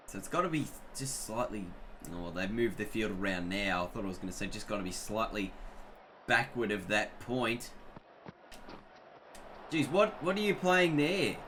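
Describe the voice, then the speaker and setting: A man's voice: medium pitch, fairly bright tone, a little hiss or hum. A young man giving chatty, self-mocking commentary on his own gameplay. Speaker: gaming YouTuber.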